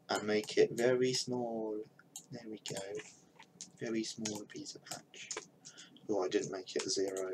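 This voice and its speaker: A man's voice: fairly low pitch, gravelly, slight background noise, poor audio. A young man thinking aloud in casual commentary while he builds a game map on a live stream, with mumbled asides as he works.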